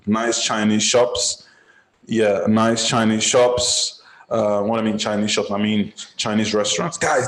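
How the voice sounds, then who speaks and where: A man from Nigeria coaching forex traders, chatting casually and giving upbeat shout-outs on a live group call. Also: lowish voice. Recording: roomy echoey sound.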